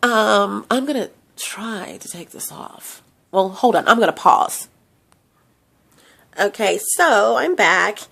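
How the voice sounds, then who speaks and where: A woman's voice: mid-range voice, lively intonation, slow, creaky, fairly bright tone. A woman host speaks through a stuffy, sniffly nose. She rambles in a loose vlog chat, restarting sentences and filling gaps with fillers, close to a handheld microphone. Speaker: channel host selling a hair product. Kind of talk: casual product vlog.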